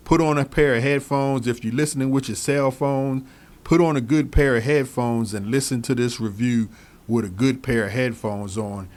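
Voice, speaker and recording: A man casually reviewing microphones he switches between, repeating himself and speaking straight to his viewers. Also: medium pitch. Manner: relaxed, repeats phrases, talks straight to viewers. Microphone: studio microphones he switches between.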